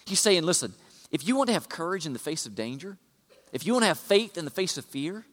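A man's voice: high voice, very animated, fast. Preaching man with long hall reverb. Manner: builds from quiet asides to loud emphatic repetition. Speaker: pastor. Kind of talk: sermon.

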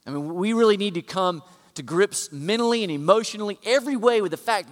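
A male pastor delivering a sermon in a slightly high voice. He moves from soft, talky asides to loud, driving repetition. A long reverb trails his words, as in a big hall. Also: lively intonation, brisk. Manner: builds from quiet asides to loud emphatic repetition.

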